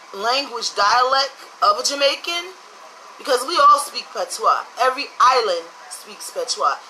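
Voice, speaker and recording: A woman's voice: on the high side, pushed and bright, slight background noise, rough recording. A woman from the United States giving blunt, profane relationship advice in a casual monologue.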